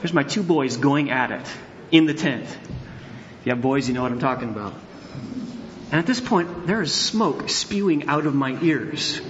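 Speaking at medium pitch with lively intonation and a normal pace, a middle-aged pastor preaches in a church sanctuary. He is candid, tells personal stories, and at times builds to emphatic bursts. The audio has its highs cut off and carries a little hiss or hum.

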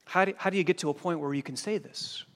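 A man preaching a sermon as a pastor, slow and emphatic, pressing hard on key phrases. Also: a little high, fairly bright tone. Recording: long reverb of a large hall.

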